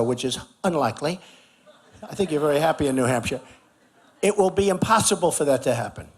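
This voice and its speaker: Standing at a podium mic at an outdoor barbecue rally, a candidate with a somewhat high, slightly rough voice speaks emphatically. His conversational riffing keeps circling back to the same points over and over.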